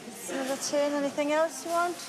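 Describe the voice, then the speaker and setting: Actress playing a friendly volunteer, high bright chatty voice, crowd behind. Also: female voice, fairly even intonation, natural voice, poor audio. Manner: brisk, chatty, motherly. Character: kindly middle-aged female food bank volunteer.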